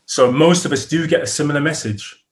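A man's voice: fairly high pitch, fairly quick. A middle-aged British man, a podcast guest, tells his story earnestly. He repeats words as he thinks and chuckles often. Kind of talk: reflective interview storytelling.

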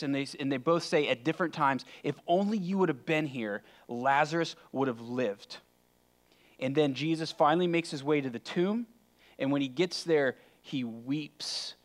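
A man preaching a sermon in a conversational, emphatic way, often dropping suddenly to a quiet voice. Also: fairly high pitch. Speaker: pastor.

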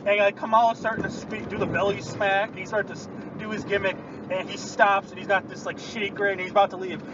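Man, casual joking chat, high voice, rambling storyteller, muffled far-off mic in a car, road rumble. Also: level tone, quick pace. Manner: rambling storyteller doing mock quotes. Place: inside a moving car.

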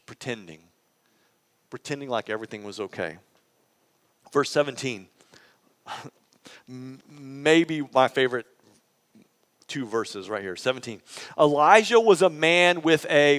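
Animated man preaching a sermon. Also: on the high side, in a large hall. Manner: animated storytelling, acting out voices; conversational, prompts the congregation. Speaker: pastor.

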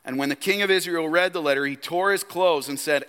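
A man's voice: a little high, fairly even intonation, a little fast, few pauses, sharp tone, clean tone. A man preaching a sermon as pastor, emphatic and calling on the congregation to respond. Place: church sanctuary. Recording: long hall reverb.

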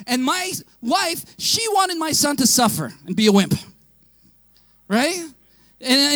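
High-voiced man preaching with a story. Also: dry recording. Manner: animated, often shouting and laughing while telling a story. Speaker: pastor. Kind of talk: storytelling sermon.

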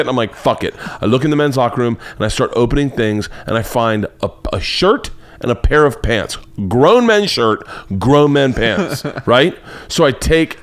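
A young adult man hosting a comedy podcast, telling a profane story and acting out the voices in it. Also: mid-range voice. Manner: profane, animated, acts out voices in his stories. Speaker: comedian host.

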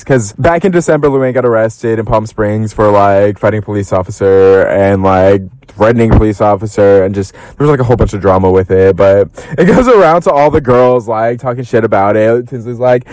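A young man hosts his own podcast, rattling off gossip in a loose, animated way, peppered with fillers and cursing. His voice sits at a middle pitch but leaps sharply upward whenever he mimics someone. The sound is dry and close, with no room around it. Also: moderate pace, few pauses, smooth, no room sound, rough recording. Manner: animated, lots of fillers, swears, breaks into high-pitched quoting. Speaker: podcast host. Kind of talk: casual gossip commentary.

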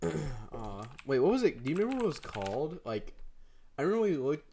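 A man's voice: on the high side, big pitch swings, fairly quick, creaky, mellow, a little hiss or hum. Brief: teen boy podcast co-host, casual slangy chatter, laughs a lot. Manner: slangy, laughs often, rambling. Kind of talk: casual chat between friends.

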